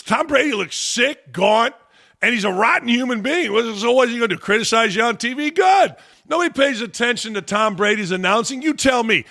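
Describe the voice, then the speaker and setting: Brash high-voiced sports talk host. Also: male voice, pushed and bright. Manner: blunt, profane, combative ranting. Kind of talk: opinionated sports talk rant.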